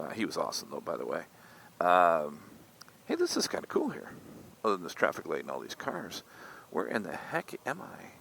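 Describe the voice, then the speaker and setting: A man's voice: low-pitched, wildly swooping pitch, fairly quick, vocal fry, a bit bright, poor audio. Chatty middle-aged man riding a motorcycle. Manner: chatty, self-mocking, wanders off topic. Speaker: motorcycle vlogger. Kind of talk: casual rambling monologue while riding. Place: outdoors on a motorcycle in traffic. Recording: faint road and traffic noise.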